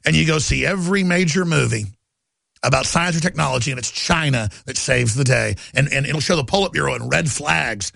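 A man's voice: a little high, creaky, fairly bright tone, no echo, studio quality. A man hosting a radio and TV talk show, delivering an agitated, emphatic political monologue. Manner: agitated, ranting, fast and emphatic.

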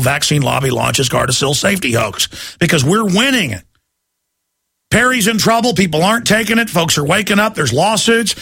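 A man's voice: on the high side, gravelly, pushed and bright, slightly rough, no room sound. A man hosting a talk radio show, delivering an urgent, pleading monologue.

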